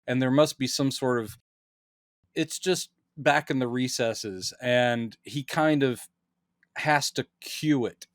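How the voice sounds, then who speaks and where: A man's voice: medium pitch, slow pace, no room sound, studio quality. A man co-hosting a podcast, talking casually and jokily about a film and acting out characters' lines. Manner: animated, jokey, acts out characters' lines. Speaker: podcast co-host. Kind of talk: casual movie breakdown chat.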